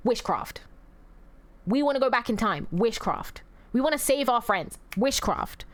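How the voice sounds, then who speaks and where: A woman's voice: fairly high pitch, lively intonation, unhurried, dry recording. A woman streaming a video game, reading its dialogue aloud and swearing at the screen. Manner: profane, loud outbursts at the screen. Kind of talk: casual game stream commentary.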